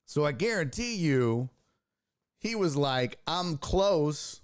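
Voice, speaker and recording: A slow, clean-toned man with a voice on the high side hosts a sports podcast. He tells an anecdote in a relaxed way, cursing freely and animatedly impersonating the people involved.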